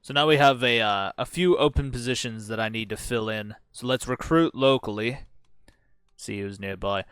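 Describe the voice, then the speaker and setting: Speaking at a moderate pace in a mid-range, slightly bright, clean-toned voice, a gaming channel host gives casual let's-play commentary on a strategy game, reading its text with profane and sarcastic asides. The recording is dry with clean studio sound.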